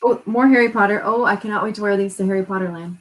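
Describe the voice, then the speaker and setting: A woman co-hosting a live stream, chatting casually and gushing with excitement as she unboxes gifts, laughing often. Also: medium pitch, fast, rough recording.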